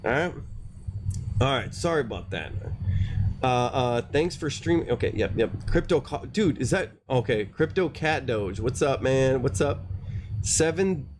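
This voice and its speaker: Rambling, profane livestream host, noisy room. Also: male voice, mid-range voice, expressive, unhurried. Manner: rambling, profane, restarts often, addresses viewers as dude and bro. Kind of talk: casual livestream rant.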